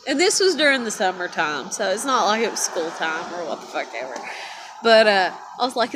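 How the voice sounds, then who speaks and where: A woman's voice: mid-range voice, animated, brisk, fairly bright tone. A woman rambling casually as a vlogger, swearing constantly and laughing as she talks. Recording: noisy background.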